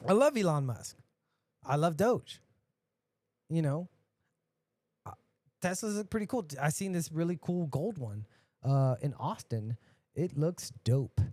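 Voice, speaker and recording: A podcast host, a man, ranting casually and profanely, dropping to mutters and then bursting out loud. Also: on the high side, no echo. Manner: profane, ranting, swings between mutters and outbursts.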